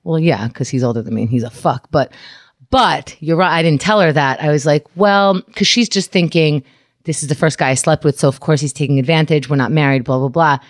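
A young adult woman telling candid, animated stories in casual chat and acting out the lines of people she quotes. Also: deep voice, a little fast, no room sound, clean studio sound.

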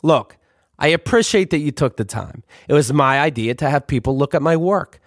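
A man's voice: a little high, animated, moderate pace, dry recording, clean studio sound. A man reading his own book aloud in a sarcastic, ranting, profane way, throwing in asides to the listener.

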